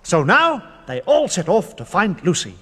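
A man reading a children's storybook aloud, animated and expressive. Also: high-pitched, normal speed. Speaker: narrator. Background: music.

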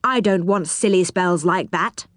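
A woman's voice: lowish voice, unhurried, dry recording, clean studio sound, lightly acted. A woman doing cheerful round-faced Moonface. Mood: protesting. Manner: bright, eager and friendly. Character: kindly round-faced male magical tree-dweller.

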